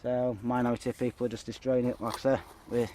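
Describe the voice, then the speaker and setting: A man's voice: medium pitch, flat delivery, quick pace, mellow. Man, out of breath, outdoors, handheld camera, rambling vlog talk, faint outdoor noise. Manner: rambling, chatty, lots of uh and so. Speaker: fishing vlogger. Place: outdoors by a pond.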